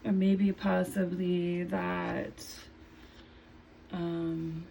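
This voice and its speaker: Gravelly, husky-toned woman reading tarot. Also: on the low side, little pitch movement, warm tone, muffled recording, a little hiss or hum. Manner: unhurried, musing, trailing off mid-thought. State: slightly hoarse, just woke up. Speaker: tarot reader.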